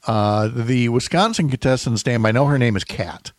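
A man's voice: mid-range voice, moderate pace, no room sound. A man hosting a casual radio talk show, joking with his co-hosts and reading listener texts. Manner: jokey, laughs often, reads listener texts.

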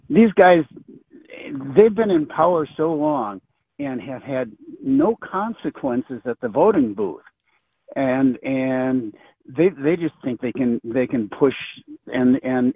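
A man's voice: mid-range voice, husky, no room sound. An older retired man calling in to a radio talk show, ranting with sarcasm and stumbling through many restarts. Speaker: caller. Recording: tinny phone line.

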